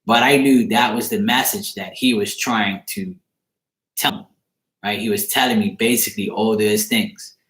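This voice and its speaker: Low-voiced man telling a loose story. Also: fairly even intonation, moderate pace, a bit bright. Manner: loose, profane, rambling retelling. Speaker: psychic card reader. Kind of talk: casual storytelling to camera. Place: his own apartment. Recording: echoey room.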